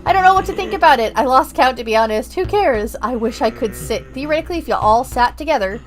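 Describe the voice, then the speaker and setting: A woman's voice: sits high, lively intonation, fast talker, rough recording. A young woman streamer chatting casually while she plays, bubbly and self-deprecating. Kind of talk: casual gameplay chat. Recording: game music underneath.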